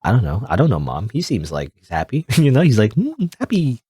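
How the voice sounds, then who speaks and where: A man hosting a let's play, commenting on a game in an animated, amused way. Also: lowish voice, quick pace, breathy edge, no echo. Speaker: gaming video host.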